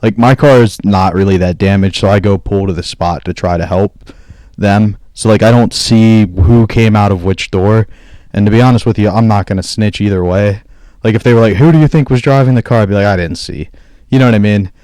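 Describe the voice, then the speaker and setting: Low-voiced man telling a rambling story. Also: steady tone, a little fast, a little mellow, dry recording. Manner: rambling storyteller who acts out quoted dialogue. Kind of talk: casual podcast chat.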